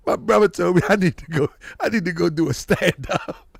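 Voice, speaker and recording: A man hosting a casual live stream, rambling and animated and breaking into loud laughter. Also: high-pitched, vocal fry, no room sound, clean studio sound.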